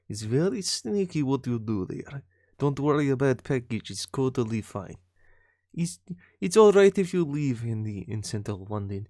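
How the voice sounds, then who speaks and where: A man's voice: no echo, clean studio sound. A man voicing a shady male crime boss who gives delivery orders in broken English, dropping his articles. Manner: broken English, drops articles, low and hushed.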